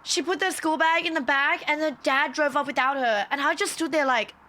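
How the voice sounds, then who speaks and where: A young woman tells a story on her stream in a high, bright voice. She is animated and swears freely, and she slips into the people she quotes. It sounds like casual chat with her viewers. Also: a little fast.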